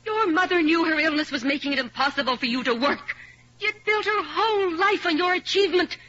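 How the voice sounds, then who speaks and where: A woman's voice: extremely high pitch, fairly quick, a bit bright. A woman playing a devoted, possessive woman in a 1950s radio drama, talking in a pleading, insistent way. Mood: impassioned. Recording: lo-fi old radio recording.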